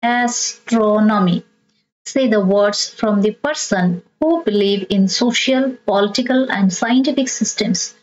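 Slow Indian English woman teacher. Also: medium pitch, lo-fi sound. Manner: slow, deliberate reading of exercises. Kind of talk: textbook lesson explanation.

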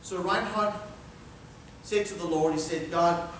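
A man preaching a sermon, telling a story with lively dialogue and mentioning his Scottish roots. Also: high voice, measured pace, background noise. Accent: Scottish-rooted. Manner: animated storyteller acting out dialogue. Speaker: pastor. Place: church hall. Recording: echoey church hall from far off.

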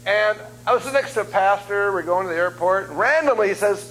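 Give me a joking man in his fifties preaching a lively sermon in a somewhat high voice. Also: quick pace, hardly any pauses, a little hiss or hum, poor audio. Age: 50s. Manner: joking, animated, self-deprecating. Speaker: guest preacher. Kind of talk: humorous sermon storytelling. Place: church sanctuary.

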